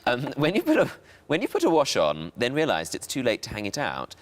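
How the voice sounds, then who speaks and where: A man's voice: medium pitch, wildly swooping pitch, brisk. A man chatting casually and reading out fan questions, playful and teasing. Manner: playful, teasing, swooping intonation. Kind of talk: casual chat.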